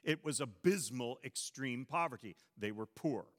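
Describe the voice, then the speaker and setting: Man, pastor, bright emphatic sermon delivery, big dynamic swings, echoing sanctuary. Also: lively intonation, normal speed. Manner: emphatic preaching, swings between loud stresses and low drops. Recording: long reverb of a large hall.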